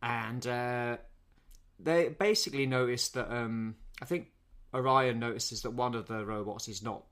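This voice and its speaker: A man co-hosting a casual film-review podcast, walking through the plot at length. He repeats words and restarts often as he goes, at a mid-range pitch. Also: a little slow, a bit bright. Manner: rambling recap, many repeated words. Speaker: podcast co-host.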